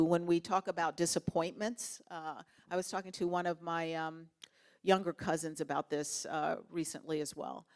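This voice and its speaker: A woman with a somewhat low voice shares her life story as an interview guest. She tells it in an earnest, expressive way, and her voice rises and falls as she recounts events at a university talk. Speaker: guest speaker.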